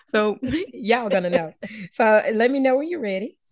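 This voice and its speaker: A woman's voice: fairly high pitch, animated, normal speed, no echo, muffled recording. A woman hosting a casual podcast conversation, asking questions in a playful way and laughing often. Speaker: podcast host.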